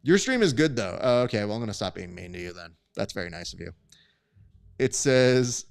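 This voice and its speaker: A man's voice: fairly low pitch, expressive, a little fast, gravelly, clean tone. A young man hosting a live stream, giving sport commentary in casual, chatty, profane banter. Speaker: host.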